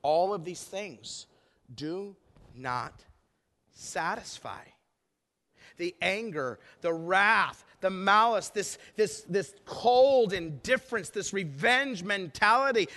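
Bright high-voiced man preaching. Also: animated, slow pace. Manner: emphatic, conversational preaching with rhetorical questions. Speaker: pastor. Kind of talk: sermon. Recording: echoey hall with long reverb.

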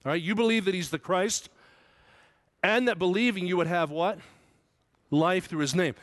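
A man preaching a Bible sermon, asking his listeners questions and rising loud and high when he quotes scripture. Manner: asks the congregation questions. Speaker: pastor. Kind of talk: expository sermon.

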